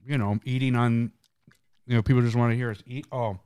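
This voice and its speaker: A man's voice: medium pitch, steady tone, brisk, darkish tone, smooth, dry recording, clean studio sound. A man co-hosting a casual podcast, laughing, swearing and rambling loosely. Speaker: podcast co-host.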